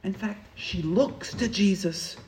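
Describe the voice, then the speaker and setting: In an echoey room with a little hiss or hum, a high-voiced man preaches slowly as pastor. His sermon is full of repetition and shifts between hushed moments and loud passion.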